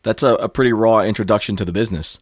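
A man hosting a casual interview, easygoing and quick to react. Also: on the low side. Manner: easygoing, reacts with laughs and short affirmations. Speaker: interview host.

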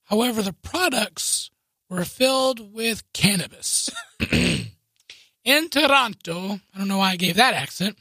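Chatty co-host type, bright voice, laughs through the story, recorded close and dry. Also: medium pitch, brisk, no room sound. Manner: laughs often while telling stories, chatty asides. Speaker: podcast co-host. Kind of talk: casual chat, reading news aloud.

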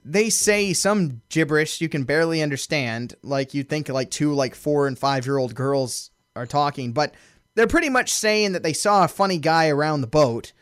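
A man's voice: fairly high pitch, moderate pace, smooth, no echo, clean studio sound. A man co-hosting a podcast, chatting casually and animatedly, laughing often as he recaps a show. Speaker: podcast co-host.

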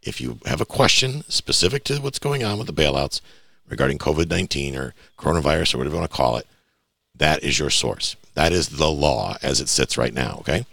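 A man's voice: a bass voice, animated, brisk, vocal fry, fairly bright tone, dry recording, studio quality. A male podcast host talking emphatically and bluntly in a casual monologue, ranting about bad information.

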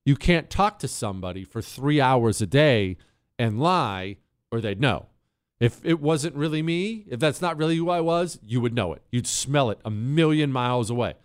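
Animated, sarcastic male radio host. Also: medium pitch, moderate pace, clear, resonant tone, dry recording, clean studio sound. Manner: animated and emphatic, sarcastic asides. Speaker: radio talk show host. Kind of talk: opinionated talk radio monologue.

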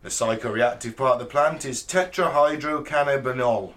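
A man's voice: medium pitch, normal speed, a bit bright. Wry British-born podcast co-host man. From Britain. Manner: dry, wry, reads facts aloud. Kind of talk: casual banter.

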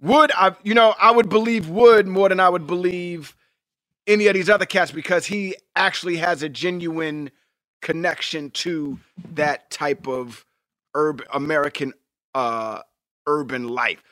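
A man co-hosting a podcast in casual chat, talking in an animated, emphatic way and swearing freely. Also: fairly high pitch, unhurried, dry recording, clean studio sound. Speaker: podcast co-host.

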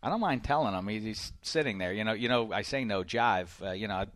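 A man hosting a casual football talk show in a studio, boisterous and jokey, often swinging loud. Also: on the low side, a little fast, dry recording. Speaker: podcast host.

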